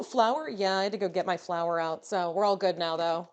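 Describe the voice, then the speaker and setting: A woman's voice: lowish voice, moderate pace, smooth. A woman VTuber streamer chatting casually with her viewers while cooking. She talks playfully and fills her sentences with "um" and "you know".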